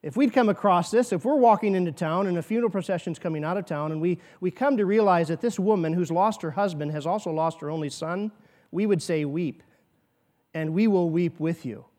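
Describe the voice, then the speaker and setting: A man with a high voice preaches a sermon to his congregation. He speaks earnestly, poses rhetorical questions and acts out quoted asides. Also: fast, a little mellow. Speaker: pastor.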